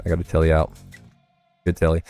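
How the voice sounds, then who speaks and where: A man's voice: very deep voice, monotone, fast talker, warm tone, faint music behind. A young man chatting casually and rambling on a livestream, swearing and calling listeners "bro.". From United States. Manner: rambling, profane, says "bro" a lot. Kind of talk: casual chat while gaming.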